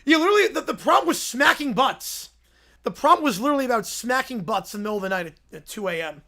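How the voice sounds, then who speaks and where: A man's voice: extremely high pitch, animated, fast, gravelly, bright, forceful tone. A man hosting a livestream, chatting casually, joking and reading a crude story aloud. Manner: joking, laughing, crude asides. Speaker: livestream host.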